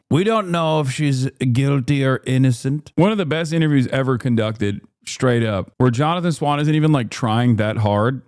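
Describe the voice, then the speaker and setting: A man's voice: medium pitch, a little fast, hardly any pauses, darkish tone, no room sound, clean studio sound. A man hosting a stream, reacting to a clip with exasperated, profane ranting. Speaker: streamer host. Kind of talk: reaction commentary.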